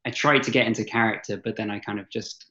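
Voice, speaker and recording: A man's voice: fairly low pitch, steady tone, fast, sharp tone, highs cut off. A man talking hesitantly as a guest on a casual podcast chat, often stammering and laughing shyly. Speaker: podcast guest, dungeon master.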